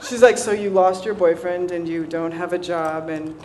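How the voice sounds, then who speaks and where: A woman giving a humorous recovery talk to an audience, animated and self-mocking, laughing often and checking in with "right?". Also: lowish voice, normal speed, slight background noise. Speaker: speaker sharing a recovery story.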